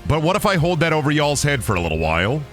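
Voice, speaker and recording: Dude streaming a game, bright lively voice jumping up and down, rambly and self-roasting, quiet music under it. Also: male voice, fairly high pitch, fast talker. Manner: self-deprecating, rambling, jokey. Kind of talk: casual gaming stream chat.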